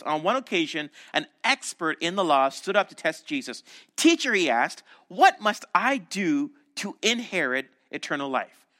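A man's voice: on the high side, pushed and bright. A man preaching a sermon as a pastor, telling the story animatedly and acting out the voices of crowds and disciples.

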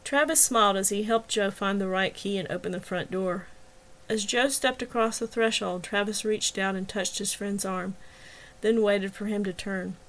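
Woman narrating a novel, measured. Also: mid-range voice, fairly bright tone. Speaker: audiobook narrator. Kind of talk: scripted narration.

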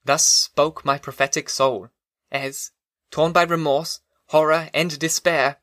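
Male audiobook narrator, measured and dramatic, slightly high and bright. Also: steady tone, no room sound, studio quality. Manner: measured, dramatic literary reading. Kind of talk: scripted narration.

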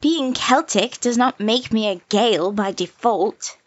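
A woman's voice: a little high, animated, slow. An actress playing a proud, defiant young woman in an audio drama. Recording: dull lo-fi recording.

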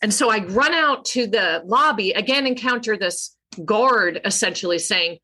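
A woman, a clinical psychologist guest, telling a story in a casual interview, animated and self-mocking with frequent laughter. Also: mid-range voice, normal speed, few pauses, breathy edge.

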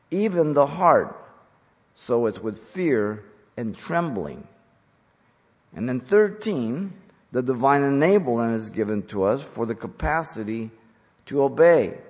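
A man preaching an expository sermon as a pastor, emphatic and deliberate, slowing down on key phrases. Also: medium pitch, animated, a little mellow. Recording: long hall reverb.

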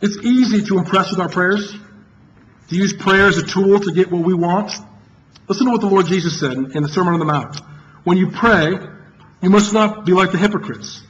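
A pastor preaching a sermon to his congregation in an earnest, emphatic way, repeating key phrases and pausing for effect. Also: sits high, fairly bright tone, highs cut off, a little hiss or hum.

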